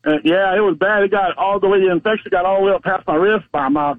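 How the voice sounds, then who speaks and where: A man calling in to a radio show from his car on the highway, telling a rambling story. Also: quick pace, dry recording. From Florida. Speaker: caller. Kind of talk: casual phone call to a radio show. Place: in a vehicle on the highway. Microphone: phone. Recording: tinny dry phone line.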